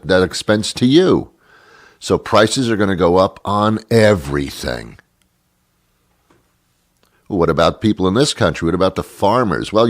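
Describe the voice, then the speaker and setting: A man's voice: deep voice, no room sound, clean studio sound. A man hosting his own podcast, riffing in a sarcastic, profane comic monologue with laughing asides. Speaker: host. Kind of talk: casual comedic monologue.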